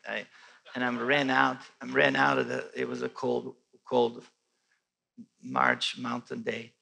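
A man from Bulgaria telling a personal faith testimony in animated storytelling, with many restarts and a voice that rises and falls. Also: medium pitch, gravelly. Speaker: testimony speaker.

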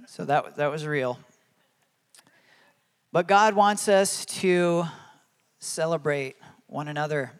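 A male pastor in his thirties delivering a sermon in an earnest, conversational way. His voice sits a little higher than most men's. He often laughs as he tells his stories. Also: measured pace, pauses often, smooth.

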